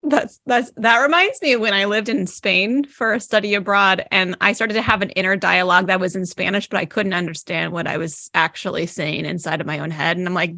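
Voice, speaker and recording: A woman's voice: medium pitch, fairly even intonation, brisk, hardly any pauses, sharp tone, dry recording. A woman guest on a podcast, chatting casually, telling stories and asking questions. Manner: chatty, storytelling, asks questions. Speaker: podcast guest, also a podcast host. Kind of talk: casual interview chat.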